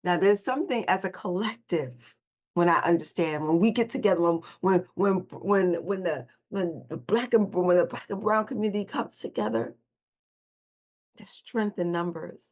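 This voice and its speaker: A woman's slightly mellow voice, on the low side and at normal speed, hosts a motivational morning call, with the highs cut off in the audio. As host and voice coach, she coaches listeners and has them repeat affirmations back to her.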